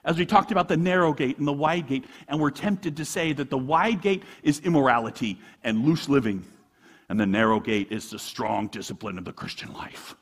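A middle-aged man, a pastor, preaching a sermon in a church in a conversational, animated way, full of rhetorical questions. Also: medium pitch, fairly quick, slightly rough.

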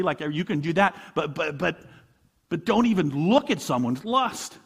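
Animated, husky-voiced male pastor preaching. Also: fairly high pitch, normal speed. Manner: animated, conversational preaching with rhetorical questions. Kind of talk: sermon. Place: church.

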